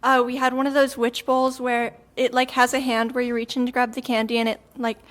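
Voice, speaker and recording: A woman's voice: a little high, flat delivery, brisk. A teenage girl on a youth radio team telling a spooky story in a chatty way, often laughing and using fillers. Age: teens. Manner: chatty, giggly, many fillers. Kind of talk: casual storytelling.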